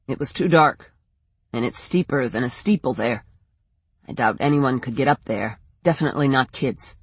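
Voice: mid-range voice, normal speed, slightly rough, no echo, voice pushed down. The narrator voicing a weary, cautious man who talks bluntly and skeptically.

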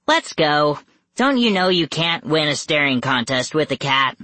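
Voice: medium pitch, very animated, unhurried, pushed and bright, dry recording. A reader voicing a pushy, teasing girl, the older sister, in a bossy and impatient way. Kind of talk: audiobook character voice.

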